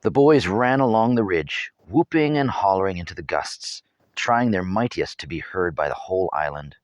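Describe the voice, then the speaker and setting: A man's voice: sits low, lively intonation, normal speed, no echo, highs cut off. A man reading his own novel aloud as storybook narration, with wry, humorous asides.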